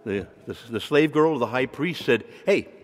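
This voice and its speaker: Animated preacher in a reverberant hall. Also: male voice, medium pitch, normal speed. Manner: conversational, animated, asks the listeners questions. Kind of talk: sermon. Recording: long reverb of a large hall.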